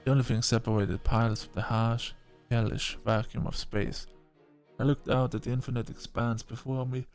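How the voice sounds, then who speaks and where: A man of middle pitch reading a first-person tale aloud with expressive delivery. He moves between calm narration and short, startled exclamations. Faint music plays behind him. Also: normal speed.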